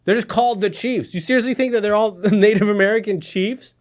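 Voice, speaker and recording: A man from the Middle East hosts a satirical news show in a high-sitting, brisk voice. He comes across as sarcastic and exasperated, and he often laughs at his own jokes.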